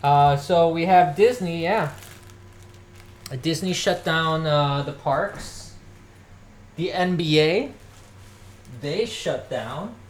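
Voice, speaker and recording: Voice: mid-range voice, slow, long pauses, slight background noise. A podcast host delivering a solo political commentary monologue, ranting and scoffing, now and then coughing. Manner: ranting, scoffing, mimics others mockingly. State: occasional coughing. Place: at home, moving about tidying.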